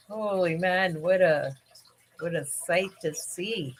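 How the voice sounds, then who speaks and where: A middle-aged woman hosting a casual livestream, talking in a halting way with many fillers and frequent laughs, tired and yawning. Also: on the low side, lively intonation, a bit bright. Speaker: livestream host.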